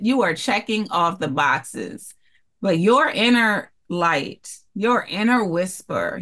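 A young woman telling her life story as a podcast guest, earnest and expressive, acting out the voices of people she quotes. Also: medium pitch. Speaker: podcast guest, jewelry entrepreneur. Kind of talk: candid interview storytelling.

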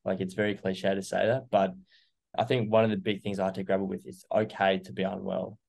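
A young man talks earnestly about what he learned, pausing on fillers as he goes. His low voice has a gravelly edge and stays fairly level in pitch, with little rise and fall. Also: level tone, a little mellow. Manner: earnest, reflective, many fillers. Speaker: guest sharing recovery story. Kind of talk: casual interview.

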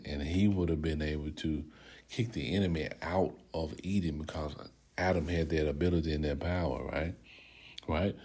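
A middle-aged man delivers a podcast sermon in an extremely low, deep voice. He talks emphatically, often checks in with "right?", and leads his listeners through lines to repeat after him. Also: mellow, slightly rough. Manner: emphatic, often asks "right?", leads call-and-response affirmations. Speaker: podcast host and preacher. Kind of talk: sermon-style podcast talk.

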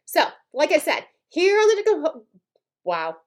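Female podcast host, high voice, blunt and fired-up, tough-love monologue that keeps prodding the listener. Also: wildly swooping pitch, measured pace. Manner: blunt, emphatic, frequently asks "okay?" and "right?"; gets worked up, speaks with heated intensity.

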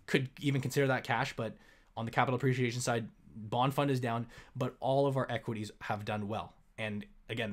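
Chatty young man explaining investing. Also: mid-range voice. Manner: chatty, filler-heavy, emphatic. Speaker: investing channel host. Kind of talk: casual explainer talk.

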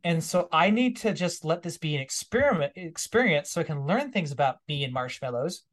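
A man's voice: a little high, animated, brisk. Reflective man telling a story. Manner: reflective, storytelling, warm laughs. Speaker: guest. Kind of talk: casual interview conversation.

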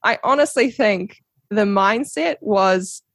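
Animated young New Zealand woman. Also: medium pitch, slow pace, dry recording. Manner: animated, laughs often, acts out quoted voices. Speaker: guest. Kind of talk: casual storytelling interview.

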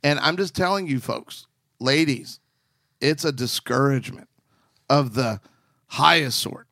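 A middle-aged man chats in a lively storytelling way, slipping into quick impressions of the people he quotes. His voice sits at an ordinary middle pitch, recorded close and dry with no room sound. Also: creaky, dry recording. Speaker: podcast co-host and marriage counselor. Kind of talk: casual storytelling chat.

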